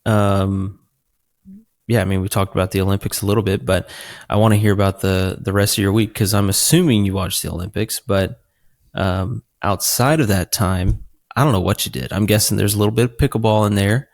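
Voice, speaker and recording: A man co-hosting a casual podcast, asking his partner about his week in an easygoing, unhurried way. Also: on the low side, steady tone, vocal fry, dry recording, studio quality. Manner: easygoing, unhurried prompting questions. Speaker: podcast co-host.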